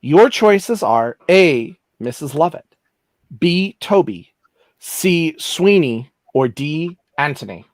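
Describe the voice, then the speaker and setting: A quiz host reading out multiple-choice questions slowly and deliberately. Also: medium pitch, sing-song, dry recording.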